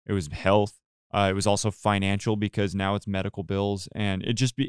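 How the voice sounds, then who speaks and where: A man's voice: lowish voice, smooth, no room sound, studio quality. A man hosting a casual church podcast chat, earnest and rambling with many restarts. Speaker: podcast host.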